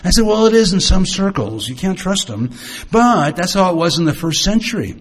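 A man preaching and teaching with storytelling. He swings his pitch and volume for dramatic effect. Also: sing-song, fairly quick, husky. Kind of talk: sermon-style teaching.

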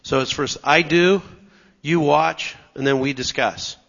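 A man's voice: on the high side, measured pace, fairly bright tone, in a large hall, muffled recording. A man giving a teaching talk at church, explaining step by step in a methodical way. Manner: explanatory, methodical, clears throat.

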